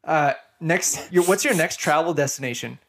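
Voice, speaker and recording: A man's voice: on the high side, normal speed, creaky. A man hosting a casual podcast chat, joking and steering the conversation with questions. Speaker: podcast host.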